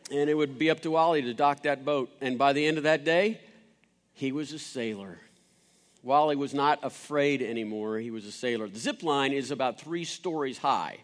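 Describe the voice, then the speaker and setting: A man's voice: mid-range voice, normal speed. Man telling a story in a reverberant hall. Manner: rambling, with many restarts and fillers.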